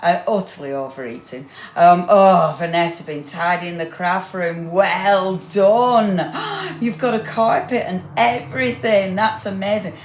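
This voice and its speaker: A bubbly woman chats on a crafting live stream from her room at home, breaking into excited whoops and filling pauses with "um". Her voice sits at an ordinary middle pitch. The sound has a noticeable roomy echo. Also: a little hiss or hum. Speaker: craft livestream host. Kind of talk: chatty live-stream greeting viewers.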